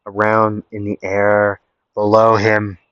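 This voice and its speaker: A man's voice: lowish voice, completely flat delivery, takes it slowly, fairly bright tone, clean tone, no echo, muffled recording. Rambling young man telling a fan story. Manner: rambling, self-correcting, lots of fillers. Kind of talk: improvised what-if story narration.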